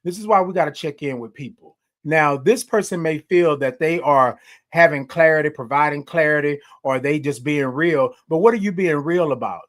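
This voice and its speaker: A man with a high-pitched voice hosts a motivational morning talk. He preaches in rolling, repeated phrases, calling out to his listeners as if from a pulpit. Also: normal speed. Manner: preachy, call-and-response rhythm with repeated phrases. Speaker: host.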